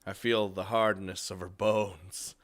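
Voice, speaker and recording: A man reading a visual novel aloud as a let's play host, animated and often chuckling. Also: sits low, slow pace.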